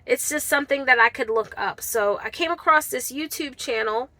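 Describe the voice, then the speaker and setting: Woman vlogger, bright and a little high, earnest personal story, dry close sound. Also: normal speed, dry recording. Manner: earnest, heartfelt, addresses viewers as guys. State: tearful at times.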